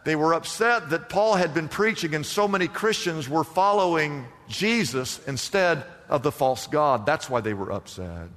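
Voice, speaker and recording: A man's voice: on the high side, lively intonation, moderate pace, a bit bright, big-room sound. A man preaching a sermon as pastor, emphatic and firing off rhetorical questions to the congregation.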